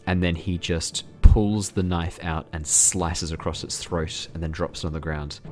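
A man acting as game master, narrating a tabletop game in a relaxed, chatty way and laughing often. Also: sits low, measured pace.

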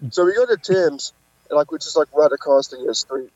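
A man tells a rambling road story in a casual, animated way, jumping his voice up to act out the people he quotes. His voice sits a bit high for a man. The recording is dry and slightly dull, like lo-fi podcast audio. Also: a little fast, no room sound. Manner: animated, acts out quotes with pitch jumps. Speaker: podcast guest, wrestler.

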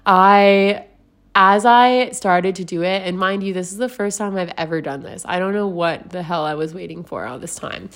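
Young woman vlogging, kinda low voice, lots of "like", laughs a bunch, open and emotional. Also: normal speed, fairly bright tone. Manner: candid and emotional, many "like" fillers, laughs often. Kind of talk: casual personal storytelling.

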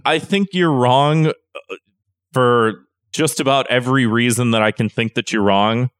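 A young man with a Chicago accent, cohosting a podcast in loose, rambling banter full of swearing and exasperation. His voice sits at an ordinary middle pitch. The sound is dry and close, with no room around it. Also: fairly even intonation, unhurried, fairly bright tone, clean tone, no echo. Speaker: podcast co-host.

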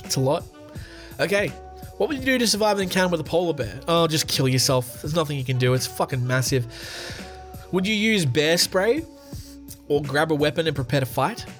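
A man's voice: on the high side, animated, fairly quick, a bit bright, soft background music. A man hosting a podcast, reading out quiz questions and joking through his answers. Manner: joking, reads questions aloud and answers himself. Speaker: podcast host. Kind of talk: casual chat reading a quiz.

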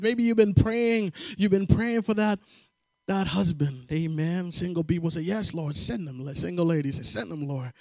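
A man preaching a sermon, telling a personal story with lively acted-out voices and calling for amens. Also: on the high side, normal speed, creaky, dry recording, studio quality. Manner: animated storytelling, acts out voices, call-and-response amens. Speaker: pastor.

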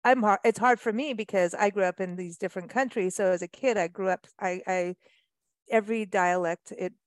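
A woman hosting a radio show, talking in a chatty, animated way with lots of fillers. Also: mid-range voice, fairly quick, no room sound. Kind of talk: casual radio interview chat.

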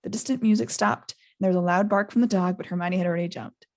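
A woman hosting a podcast, reading a novel aloud in a lively way. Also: mid-range voice, fast. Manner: lively, laughs often. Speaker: podcast host.

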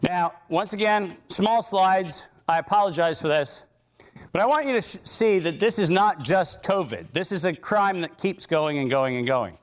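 A man's voice: high voice, lively intonation, moderate pace. A man giving an impassioned lecture with slides, sarcastic and emphatic, building to outraged points. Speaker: speaker giving a talk.

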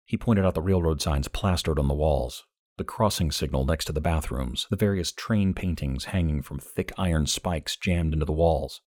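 A man narrating a short story in an even, measured way. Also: very deep voice, no room sound, studio quality. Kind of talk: audiobook fiction narration.

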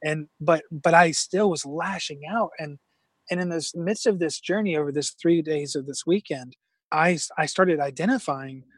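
A middle-aged man telling a personal story as a guest in an interview, earnest and halting, with many restarts. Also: a little high, no echo.

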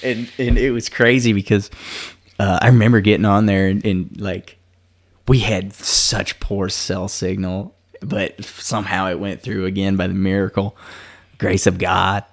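A man's voice: low voice, measured pace. A man telling a story in casual conversation, acting out the quoted lines and rambling with lots of fillers and restarts. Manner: animated storyteller who acts out quoted dialogue; loose and rambling, many fillers and self-restarts.

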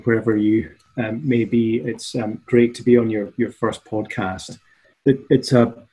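Flat, husky-voiced man, hesitant. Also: mid-range voice, rough recording. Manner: hesitant, many ums. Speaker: podcast guest, managing partner. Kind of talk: casual interview talk.

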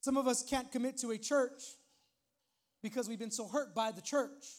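A man's voice: extremely high pitch, moderate pace. A male pastor preaching a sermon in a conversational way, with frequent asides to the congregation.

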